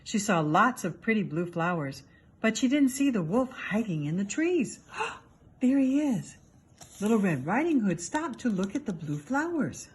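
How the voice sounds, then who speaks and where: Animated woman reading a children's story. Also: mid-range voice, moderate pace, slight background noise. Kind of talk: storybook read-aloud.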